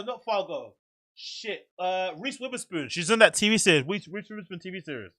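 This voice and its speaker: A man hosting a show, excitedly reacting to a video with slangy, swearing commentary. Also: high voice, fairly quick, no echo, studio quality. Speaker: host.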